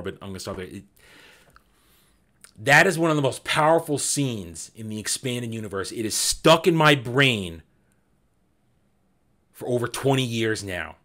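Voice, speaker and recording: Animated man hosting a book club. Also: on the low side. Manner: enthusiastic, animated, with frequent restarts. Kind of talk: casual book discussion.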